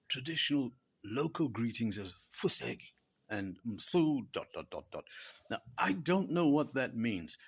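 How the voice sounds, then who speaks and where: A man delivering a dry, humorous monologue, his pitch rising and falling in a lively way. He slips into quiet whispered asides for punchlines and keeps a wry, deadpan tone throughout. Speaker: blogger and author. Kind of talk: humorous spoken commentary.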